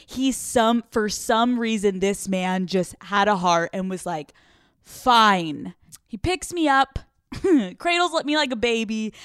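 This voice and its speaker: A young American woman telling a comedic story, profane and lively, acting out the people in it. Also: mid-range voice, smooth, dry recording, studio quality. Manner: animated, profane, acts out quoted voices. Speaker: podcast host.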